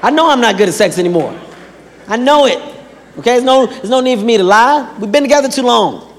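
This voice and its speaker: A male stand-up comedian telling stories in a loud, playful and profane way on a club stage. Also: extremely high pitch, expressive, fairly quick. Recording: live comedy club, crowd and noise, reverb.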